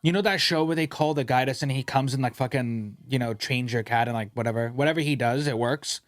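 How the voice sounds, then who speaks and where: A man hosting a podcast in a studio, rambling through stories in a casual, profane, animated way. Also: mid-range voice, brisk, no echo. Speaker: podcast host.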